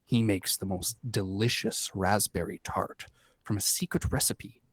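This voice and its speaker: A man voicing nosy gossiping fighters, low voice. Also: fairly even intonation, measured pace, no room sound. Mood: gossipy. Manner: chatty, rumor-spreading quotes.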